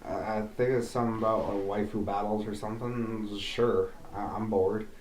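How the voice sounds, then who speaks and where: A man in casual podcast chat, offhand and unhurried. His voice sits fairly low. The room has a noticeable echo around him. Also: steady tone, a little mellow, a little hiss or hum. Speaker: podcast co-host.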